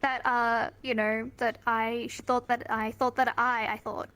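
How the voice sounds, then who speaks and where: A woman's voice: fairly high pitch, flat delivery, measured pace, a bit bright. A woman guest on a live online talk show, telling stories in a rambling, giggly way. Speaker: interview guest. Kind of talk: casual chat. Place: online voice chat.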